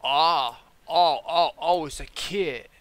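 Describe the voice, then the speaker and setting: A man voicing an excitable young male shop customer who talks in repetitive slang. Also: a little high, slow, a little hiss or hum, pitched above the performer's own voice. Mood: excited.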